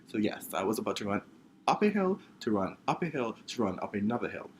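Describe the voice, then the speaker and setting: Young man, animated story-time vlog, pitch leaping all over, faint hiss behind. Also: fairly quick. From the Bahamas. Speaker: vlogger.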